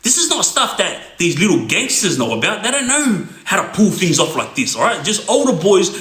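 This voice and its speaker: A man's voice: high-pitched, big pitch swings, normal speed, a bit bright, roomy sound, slight background noise. A man telling a crime story casually, streetwise, often checking in with "yeah?". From Australia. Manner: streetwise, repeats "yeah?" to listener.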